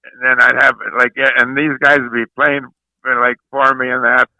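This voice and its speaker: A man's voice: mid-range voice, flat delivery, moderate pace, sharp tone, dry recording, poor audio. An older man telling stories from his youth as a guest, rambling and repeating his words. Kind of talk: rambling storytelling.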